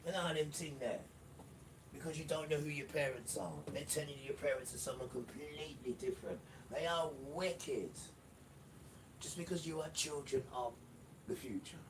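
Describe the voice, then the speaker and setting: A man's voice: on the high side, moderate pace, background noise. A man preaching an emphatic livestream sermon, repeating phrases and speaking straight to the listener. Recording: distant mic with loud music behind.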